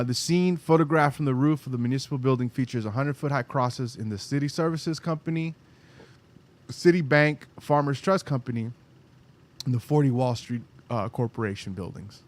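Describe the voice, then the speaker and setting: A man co-hosting a casual faith podcast. He rambles, often restarts phrases, and reads news articles aloud. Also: mid-range voice. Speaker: podcast co-host.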